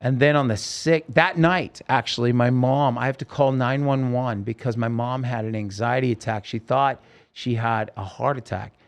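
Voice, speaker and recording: A singer-songwriter guest on a podcast, telling a personal story earnestly and emotionally in halting sentences full of restarts. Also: male voice, mid-range voice, fairly even intonation.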